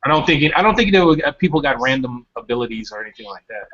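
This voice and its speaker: A man on a video call eagerly pitching his idea for a story. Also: animated, very fast, a crowd in the background. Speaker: artist on a show. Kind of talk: casual chat on a video call. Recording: dull lo-fi call audio.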